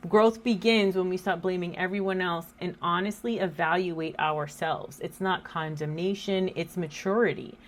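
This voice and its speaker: A woman's voice: on the low side, steady tone, moderate pace, hardly any pauses. A woman in her thirties hosting a casual faith talk, chatty and joking, quoting scripture. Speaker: host.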